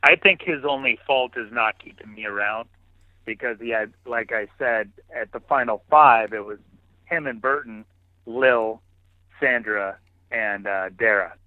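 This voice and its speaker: A man, a podcast guest, telling stories in casual, animated interview talk. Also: mid-range voice, a little slow, no echo. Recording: phone-like narrow line, dry.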